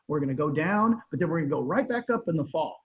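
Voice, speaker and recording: A man's voice: a little high, expressive, quick pace. Emphatic middle-aged man on a muffled call. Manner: emphatic, repeats key phrases, storytelling. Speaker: guest real estate trainer. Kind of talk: conversational advice on a video call. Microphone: video call. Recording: muffled video call audio.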